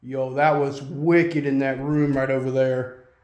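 A man's voice: mid-range voice, flat delivery, unhurried, a little mellow, muffled recording. A man hosting a solo ghost-hunting vlog, casually calling out questions to spirits inside an old schoolhouse. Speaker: solo ghost hunter host. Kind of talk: paranormal investigation vlog. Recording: echoey room.

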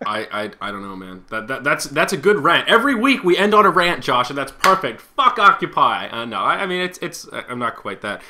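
A man's voice: medium pitch, big pitch swings, a little fast, hardly any pauses, sharp tone, slight background noise. A young man co-hosting a casual talk show, rambling and repeating words as he starts his sentences. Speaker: podcast co-host. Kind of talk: casual chat.

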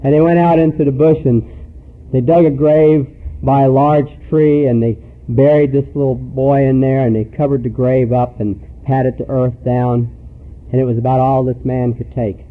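A man's voice: mid-range voice, level tone, normal speed. Earnest man telling a story, tinny recording. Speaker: speaker at a recovery meeting. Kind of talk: personal recovery talk.

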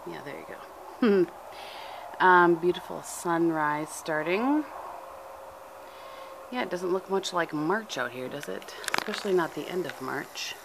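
A woman's voice: lowish voice, expressive, slow pace, creaky, long pauses, noisy background. A middle-aged woman from the United States, chatting casually in a home vlog with lots of ums, tired and sleepy, recorded on a camera mic. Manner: chatty, rambling, frequent ums. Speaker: vlogger.

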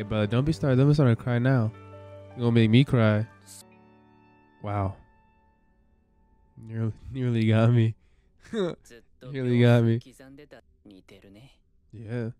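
A young man reacting to an anime episode in casual, excitable commentary, swearing and calling out "brother" as he watches. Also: mid-range voice.

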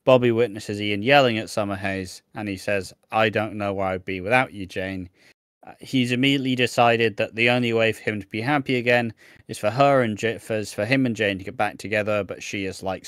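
A man's voice: on the low side, steady tone, fairly quick, fairly bright tone, smooth, no room sound, studio quality. A man co-hosting a podcast, chatting casually and recapping a soap in a sweary, exasperated, mocking way. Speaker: podcast co-host.

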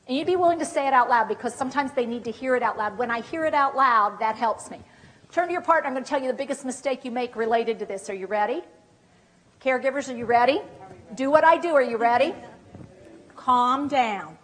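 A woman leading a dementia care training, lively and direct, coaching her audience with questions and prompts. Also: high-pitched, fairly quick. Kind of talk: live training workshop. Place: training room. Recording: echoey hall.

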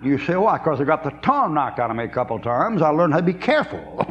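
A man in his 70s preaches a folksy sermon, telling stories, laughing often and drawling through asides. His medium-pitched voice is expressive and brisk. It's captured on dull lo-fi tape with a faint hum.

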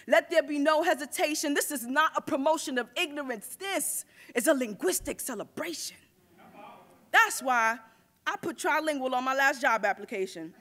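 A woman's voice: sits high, a bit bright. A woman spoken word poet performing live on a stage at a university event, with a rhythmic, rhyming delivery.

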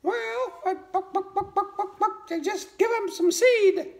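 A man's voice: very high voice, slow pace, creaky, pitched above the performer's own voice, exaggerated voice. A man voicing a chatty farmyard mother hen who clucks as she talks. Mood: clucking.

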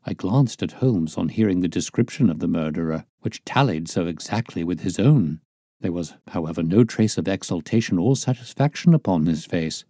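Man, storyteller, audiobook narration, measured, lowish voice, dry recording. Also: lively intonation, warm tone, no echo. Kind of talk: audiobook reading of a classic novel.

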